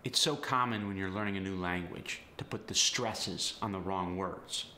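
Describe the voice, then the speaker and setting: Man, accent coach, bright forceful tone, low voice, roomy echo. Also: normal speed, slight background noise. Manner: upbeat, teasing teacher. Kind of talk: instructional video.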